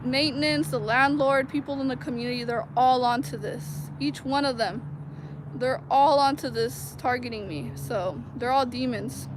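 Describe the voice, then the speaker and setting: A woman's voice: high-pitched, steady tone, normal speed. A woman vlogger telling a personal story to her viewers in a rambling, casual way, full of "like" fillers. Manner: rambling, heavy use of "like" fillers. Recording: noisy outdoor street recording.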